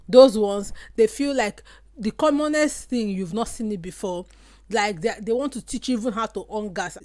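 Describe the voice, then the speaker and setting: A young Nigerian woman with a Nigerian accent, chatting casually to camera and mixing Pidgin asides into her lively storytelling. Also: medium pitch, no echo, studio quality. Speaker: vlogger.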